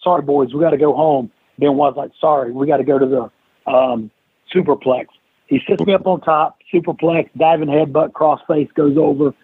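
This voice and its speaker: A man's voice: on the high side, moderate pace, slightly rough, dry recording. A man, a guest on an interview podcast, telling a long story and acting out the quoted lines of the people in it. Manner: animated storyteller who acts out quoted lines. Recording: dry, tinny phone-like line.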